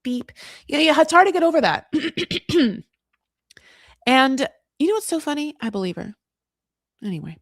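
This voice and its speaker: A woman's voice: high-pitched, sing-song, unhurried, long pauses, dry recording, clean studio sound. An American woman recapping a reality show in a chatty, sarcastic way, full of asides and restarts. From United States.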